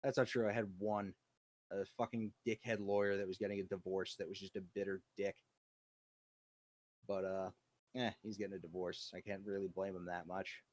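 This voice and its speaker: A man's voice: low-pitched, flat delivery, normal speed, darkish tone, no room sound. A man from the United States in casual chat, ranting and swearing as he tells stories. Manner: profane, ranting storyteller.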